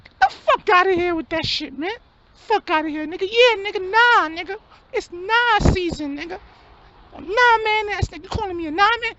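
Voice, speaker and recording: A man voicing a loud, scornful male street hustler in a comedy skit, brash and yelling. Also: very high-pitched, normal speed. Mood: scornful, angry. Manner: brash, yelling, swearing constantly. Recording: dull lo-fi, faint hum.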